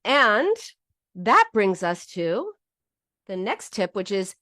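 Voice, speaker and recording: A woman's voice: mid-range voice, big pitch swings, slow, bright, forceful tone, no echo, studio quality. A middle-aged woman teaching about binge eating in a heartfelt personal talk, often restarting her sentences. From United States. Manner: earnest and heartfelt, with frequent restarts.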